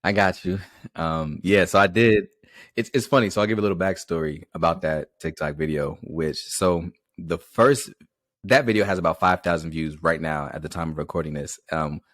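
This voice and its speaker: A man who teaches, speaking as a podcast guest in a calm, soft-spoken and reflective way into a large microphone. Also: a bass voice, dry recording, studio quality. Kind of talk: casual conversational interview. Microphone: large studio microphone.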